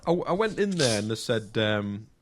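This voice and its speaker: A man's voice: fairly low pitch, sing-song, normal speed, a little hiss or hum. A man rambles through a crude personal story on a podcast. He hesitates constantly, stacking ums and restarts as he goes. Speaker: podcast co-host. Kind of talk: casual chat.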